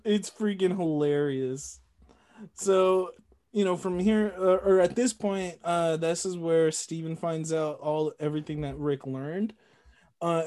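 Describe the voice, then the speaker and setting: A man co-hosting a podcast, casually recapping a film's plot with fillers and laughter. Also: a little high. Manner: animated, laughing, recounting plot with filler words. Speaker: podcast co-host. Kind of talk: casual movie recap chat.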